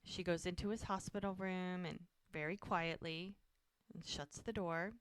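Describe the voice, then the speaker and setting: A woman's voice: lowish voice, fairly even intonation, unhurried, clear, resonant tone, dry recording. A woman co-hosting a podcast, casually retelling a TV episode scene by scene and quoting the characters. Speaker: podcast co-host recapping a TV episode. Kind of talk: casual recap chat.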